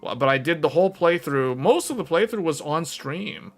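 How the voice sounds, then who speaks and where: Rambling man with a high-ish voice. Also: moderate pace. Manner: rambling, animated, laughs often. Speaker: streamer. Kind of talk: casual chat with viewers.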